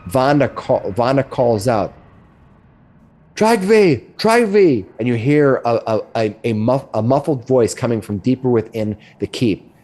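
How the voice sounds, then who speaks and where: A middle-aged man narrating as game master, describing rooms in a halting way with many restarts. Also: mid-range voice, warm tone.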